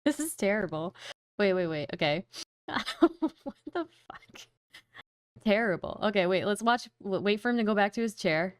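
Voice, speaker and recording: A woman streamer giving excitable, mocking reaction commentary, laughing often and swearing casually. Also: mid-range voice, a little fast, clean tone, dry recording, studio quality.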